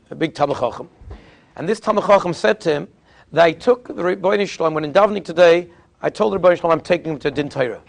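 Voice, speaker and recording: A man giving a Torah class as a rabbi, telling stories and acting out the people he quotes, often repeating and restarting phrases. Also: vocal fry. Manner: storytelling, acting out quoted speakers with sudden pitch jumps.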